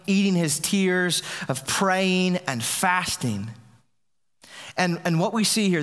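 A man's voice: a little high, a bit bright. A man preaching a sermon as a pastor, in a conversational way with frequent restarts. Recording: long reverb of a large hall.

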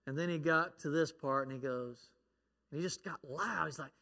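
A man's voice: on the high side, moderate pace, gravelly, long reverb tail. A middle-aged man preaching a sermon as pastor, telling stories and acting out voices from them. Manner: storytelling, acts out a child's shouting prayer.

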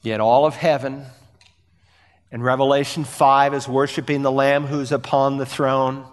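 A man's voice: medium pitch, flat delivery, a little slow, in a large hall. A male pastor preaching a sermon, earnest and emphatic, asking rhetorical questions and repeating key phrases.

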